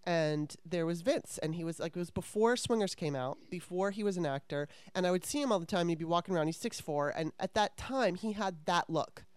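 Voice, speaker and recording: A woman's voice: fairly low pitch, expressive, brisk, few pauses, darkish tone, smooth, no room sound. A woman in her fifties hosting a podcast, telling a story in casual chat with a candid, profane and rambling manner. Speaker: podcast host.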